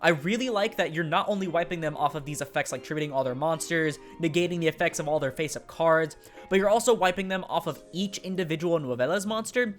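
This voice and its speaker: A man reviewing a card game deck in casual, rambling talk, speaking with a sick voice. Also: fairly high pitch. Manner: fast, rambling, with fillers and swearing. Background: faint background music.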